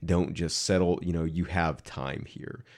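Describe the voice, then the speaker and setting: A man co-hosting a casual podcast, speaking in a dry, deadpan way. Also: low voice, measured pace. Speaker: podcast co-host.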